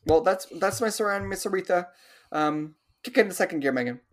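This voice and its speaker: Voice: medium pitch, animated, fairly quick. A podcast co-host telling a news story in a casual, joking way, with "I mean" and "like" along the way.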